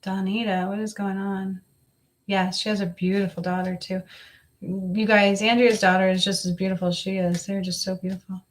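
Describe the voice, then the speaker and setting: A woman's voice: mid-range voice, level tone, moderate pace. Woman giving a live psychic reading, repeating herself. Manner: repetitive, intuitive, coaxing, repeats phrases. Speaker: psychic reader.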